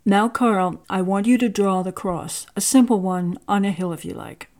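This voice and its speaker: A woman voicing God, calm and fatherly. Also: mid-range voice, moderate pace, close to an everyday voice. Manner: calm, even, gently firm. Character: God, calm, patient, fatherly, gently commanding.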